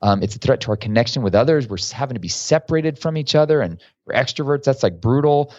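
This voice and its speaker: A man, a guest author and coach, telling stories in a casual, lively way during a podcast interview. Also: medium pitch, quick pace, dry recording, highs cut off.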